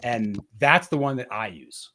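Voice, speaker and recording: A man's voice: medium pitch, lively intonation, a little slow, sharp tone. A man talking as a guest in a casual interview, explaining a process step by step with frequent restarts and "right?" tags.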